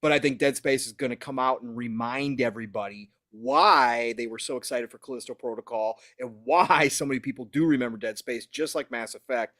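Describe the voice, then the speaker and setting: Male podcast host, mid pitch, animated and opinionated, close dry studio sound. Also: a little fast, hardly any pauses, no echo. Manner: animated, opinionated, laughs often. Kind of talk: casual podcast chat.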